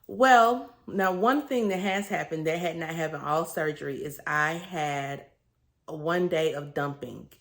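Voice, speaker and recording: A woman with a slightly low voice talks straight to her viewers in a relaxed, candid vlog update. She is earnest and chatty and often stops to rephrase mid-sentence. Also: a little slow. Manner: chatty, earnest, with frequent fillers and self-corrections. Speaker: vlogger sharing a weight-loss surgery journey. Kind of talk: candid casual update to camera.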